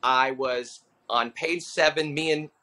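A man's voice: a little high, takes it slowly. A man in his thirties, a comedian telling stories on a casual podcast, acting out the people he quotes. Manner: animated storyteller, acts out quoted people. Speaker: comedian and impressionist guest.

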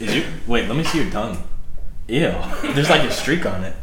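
A man's voice: medium pitch, lively intonation, fairly quick. A teenage boy co-hosting a casual podcast chat, crude and laughing a lot. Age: teens. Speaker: podcast co-host. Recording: echoey room, loud noise.

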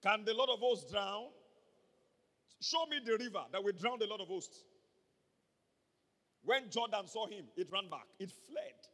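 A high-pitched, husky Nigerian man preaching as a pastor, hammering home key phrases and calling for amens. His voice rings with the long reverb of a large church hall. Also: lively intonation, a little slow, pauses often, fairly bright tone. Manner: emphatic, repeats key phrases, calls for amens. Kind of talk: sermon.

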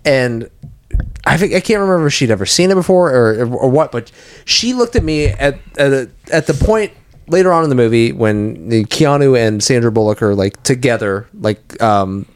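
A man's voice: medium pitch, animated, moderate pace, clean tone. A man hosting a casual podcast chat, ranting and swearing as he picks apart a movie. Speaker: podcast host.

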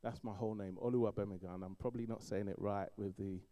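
A middle-aged East London man with a London accent preaches a sermon as animated storytelling. His fairly low voice moves fast, swinging between loud emphasis and quiet asides.

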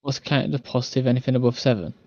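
A man co-hosts a podcast and talks fast, with blunt, dismissive remarks. His voice is mellow and dark at a middle pitch. It comes through a dull, muffled mic that sounds dry. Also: no echo. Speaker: podcast co-host. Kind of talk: casual chat.

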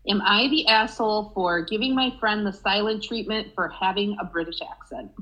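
A woman co-hosting a casual podcast chat, talkative and quick to giggle as she reads a story aloud. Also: mid-range voice, bright, forceful tone, low-quality recording. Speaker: podcast co-host.

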